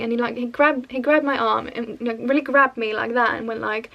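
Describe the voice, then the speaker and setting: Gushing young Swedish woman vlogger, gravelly. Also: fairly high pitch, steady tone, a bit bright. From Sweden. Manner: chatty, gushing, quoting others in quick bursts. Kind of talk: storytelling vlog voice-over.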